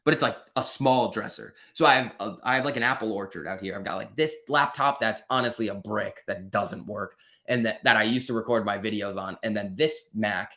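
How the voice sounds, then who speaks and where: Lowish in pitch, this man's voice is fairly quick, pushed and bright. He hosts an informal live stream, reading out viewer messages and firing back playful, slightly teasing replies.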